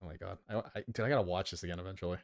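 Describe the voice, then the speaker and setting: A man's voice: deep voice, fairly even intonation, very fast, gravelly. A man streaming, reacting to videos in crude, sarcastic, swearing commentary.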